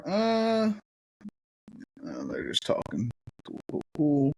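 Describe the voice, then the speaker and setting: A man's voice: a little high, wildly swooping pitch, slow, creaky, dark tone, slightly rough. A young adult man hosting a casual podcast chat, swearing often and laughing through his stories. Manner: swears a lot, laughs while telling stories. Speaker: podcast host.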